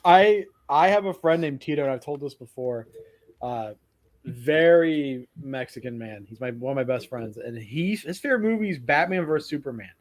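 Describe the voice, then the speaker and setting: A man's voice: mid-range voice, animated, moderate pace. A young man hosting a casual video chat, joking around and telling stories. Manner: joking, storytelling with put-on quotes. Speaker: host.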